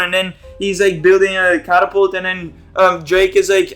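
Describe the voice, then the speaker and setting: A man with a notably high voice talking through a TV episode, loose and unscripted. He rambles and jokes as he goes, swears freely, and stops and restarts often. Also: flat delivery, normal speed, hardly any pauses, a bit bright, faint music behind. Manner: rambling, profane and jokey. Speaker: YouTube commentator. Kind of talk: casual TV episode commentary.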